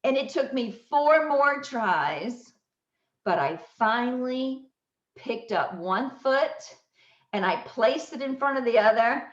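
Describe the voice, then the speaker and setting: A woman hosting a podcast, telling a personal story with lively laughter and acted-out voices. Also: fairly high pitch, slow. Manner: animated, laughs often, acts out voices. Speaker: podcast host. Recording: roomy, slightly dull audio.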